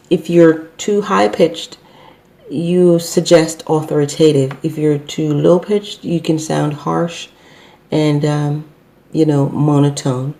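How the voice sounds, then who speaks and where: With a warm, low-pitched voice, a middle-aged woman who owns a business speaks off the cuff about customer service. Her delivery is halting, full of fillers and self-corrections.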